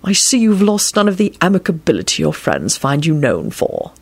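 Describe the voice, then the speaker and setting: A woman's voice: deep voice, huge pitch swings, normal speed, creaky, slightly rough, heavily acted. A woman voicing a sardonic man who drawls dryly and coldly. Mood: drawling. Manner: dry, drawling. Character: sardonic man, dry and cold.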